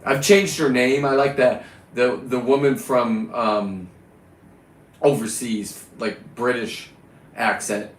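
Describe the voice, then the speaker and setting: A man's voice: mid-range voice, steady tone, slow, a little hiss or hum. A middle-aged man rambling through a profane, boastful casual monologue to his viewers. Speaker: vlogger. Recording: echoey room.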